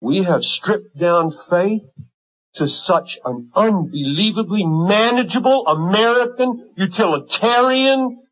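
A man preaching a sermon with impassioned intensity, swinging from fervent, rising pleas to hushed, quiet emphasis. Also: sits high, animated, slow pace, lo-fi sound.

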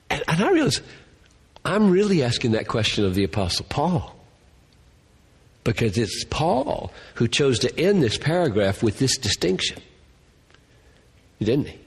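A man's voice: mid-range voice, very animated, moderate pace, slightly rough, long reverb tail. A man giving a Bible lecture to a class, thinking aloud and earnestly repeating key words. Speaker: Bible teacher.

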